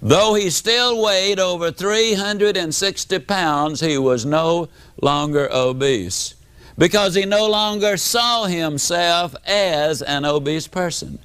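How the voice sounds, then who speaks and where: A motivational speaker tells a story in a folksy, dramatic style, his pitch swinging widely. His voice is slow, smooth, and fairly bright in tone.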